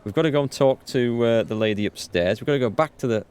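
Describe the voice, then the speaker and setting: A man's voice: mid-range voice, fast, darkish tone, smooth. A man hosting a let's play, reading game text aloud and commenting casually with frequent chuckles.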